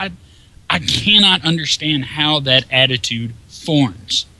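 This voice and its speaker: A man ranting over his gameplay in a profane, exasperated manner. His voice is very bright and sharp, at a middling pitch. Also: expressive, a little slow, poor audio. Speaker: gameplay commentator. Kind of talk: casual ranting commentary.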